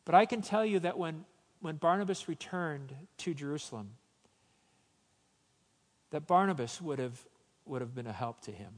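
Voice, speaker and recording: A man's voice: fairly high pitch, expressive, normal speed, long pauses, in a large hall. A man preaching a sermon, telling a personal story and then urging his listeners with rising emphasis. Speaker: pastor.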